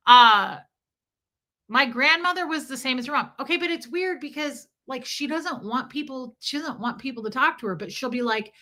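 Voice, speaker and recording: Bright, rambling woman livestreaming. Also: high voice, expressive, moderate pace. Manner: rambling, greets chat names mid-story. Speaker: livestream host. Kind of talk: casual livestream chat.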